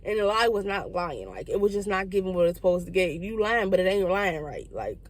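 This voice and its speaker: A young woman telling a profane, animated story and acting out the people in it. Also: mid-range voice. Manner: fast, profane, animated storytelling with quoted voices. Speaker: vlogger. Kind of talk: casual storytime.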